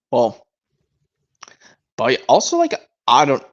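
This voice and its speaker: A man's voice: mid-range voice, wildly swooping pitch, very slow, creaky. A young man streaming in casual chat, rambling and hesitant as he searches for his words. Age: young adult. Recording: dull lo-fi stream mic.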